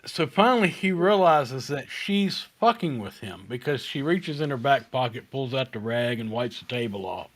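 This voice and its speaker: A man's voice: medium pitch, animated, normal speed, hardly any pauses. A man hosting a casual online hangout, telling stories between laughs and swearing freely over a video call. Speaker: host. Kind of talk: casual chat, storytelling.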